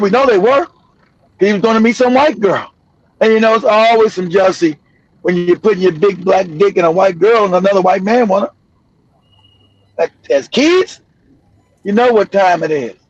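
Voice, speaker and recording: A middle-aged man talks bluntly on a live stream. His voice sits high for a man and he keeps driving his point home with repeats. The sound is dry and a little muffled. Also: brisk, no echo. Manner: blunt, emphatic, repeats himself, laughs often. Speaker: show host. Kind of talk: casual live-stream commentary.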